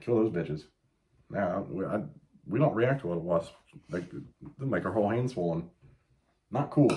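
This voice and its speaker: A man's voice: deep voice, a little slow. A man in his late thirties hosting a casual chat, telling stories with lots of swearing and yelped quotes. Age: 30s. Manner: profane, animated storytelling with yelped quotes. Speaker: podcast host.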